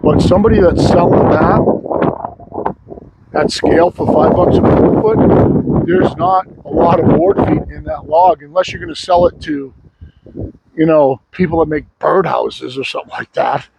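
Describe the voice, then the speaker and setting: A man's voice: fairly high pitch, a little slow, vocal fry, heavy background noise. A sawmill owner talking casually and bluntly, rambling and swearing freely while he shows off his wood. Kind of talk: casual vlog talk. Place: outdoor log yard.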